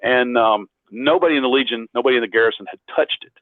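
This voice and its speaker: A man's voice: medium pitch, quick pace, no room sound. A man tells a long story as a guest, rambling and poking fun at himself as he goes. He comes through a thin, phone-like line. The sound is dry and close, with no room around it. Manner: rambling, self-deprecating, with frequent restarts. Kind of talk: casual storytelling in an interview. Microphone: phone on a call.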